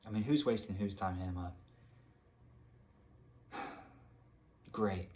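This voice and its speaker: A man hosting a comedic video rant about a game, talking in an exasperated, sarcastic way that jumps up in pitch when he is incredulous. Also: fairly even intonation, takes it slowly, pauses often, fairly bright tone. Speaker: video essay host.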